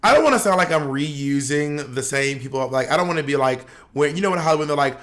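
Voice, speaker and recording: A man's voice: on the high side, lively intonation, normal speed, hardly any pauses, a bit bright. A man co-hosting a podcast in loose, profane, joking chat, often acting out the people in his stories. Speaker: podcast co-host. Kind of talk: casual chat.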